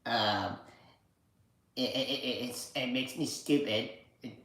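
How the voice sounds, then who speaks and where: A man's voice: medium pitch, slow, a bit bright. Give me a man playing a self-mocking male pundit, rambling and crude, in a very echoey room. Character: mocking impression of a male political commentator, sneering, self-deprecating.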